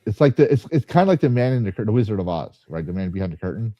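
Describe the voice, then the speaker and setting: A man's voice: on the low side, very animated, rapid-fire, dry recording. A man hosting a podcast in casual chat, rambling and joking, often stopping to restart his sentences. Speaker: podcast host. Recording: slightly dull, dry sound.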